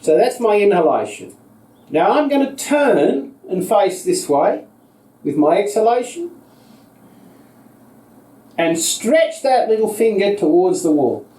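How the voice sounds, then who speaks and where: A high-pitched Australian man guides a seated yoga practice, with calm, patient instructions paced to inhales and exhales. His voice is picked up from across an echoey indoor room, so it sounds distant and roomy. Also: slow, long pauses. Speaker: yoga teacher.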